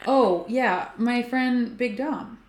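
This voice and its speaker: Chatty woman co-hosting with room echo. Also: on the high side. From California. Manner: chatty, laughing, quick asides. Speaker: podcast co-host. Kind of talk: casual chat.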